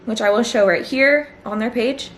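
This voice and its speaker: A woman's voice: fairly high pitch, moderate pace, a bit bright, slight background noise. A woman in her twenties speaking straight to the camera in a personal vlog, indignant and emphatic, hammering home points by repeating phrases. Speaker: former student, vlogger. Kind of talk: direct-to-camera vlog monologue.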